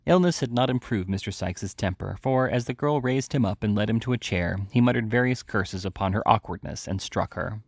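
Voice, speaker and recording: A man reading a classic novel aloud in a measured way, with the odd slip and self-correction. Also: on the low side, creaky, no room sound, clean studio sound. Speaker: reader. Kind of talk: audiobook narration.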